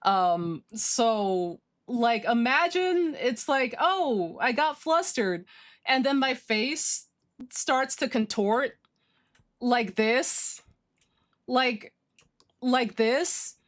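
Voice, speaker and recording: A woman livestreaming, chatting casually with her viewers, gushing and excitable as she reads chat. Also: on the high side, extremely slow. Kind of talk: casual stream chat, reading chat.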